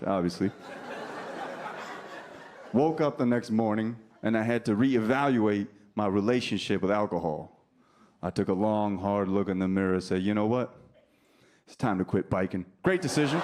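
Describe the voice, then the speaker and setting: A comedian in his thirties works the crowd from a club stage, brash and foul-mouthed. He speaks at normal speed in a lowish voice, and the live recording carries background noise and a faint audience.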